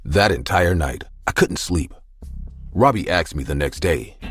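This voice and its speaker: Deep-voiced man narrating a story. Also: animated, a little slow, slightly rough, soft background music. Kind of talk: first-person story narration.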